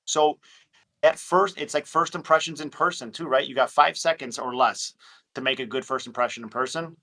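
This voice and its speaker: Bright-voiced animated man. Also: mid-range voice. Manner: animated, acts out phone calls in quick voices. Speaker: real estate investor. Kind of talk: casual group call talk.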